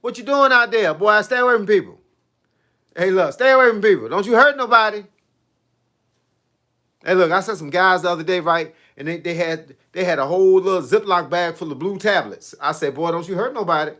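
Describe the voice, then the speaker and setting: Animated man in his fifties. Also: high-pitched, a little fast. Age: 50s. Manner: animated, storytelling, reading out viewer comments. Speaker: fitness coach. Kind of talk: casual livestream chat.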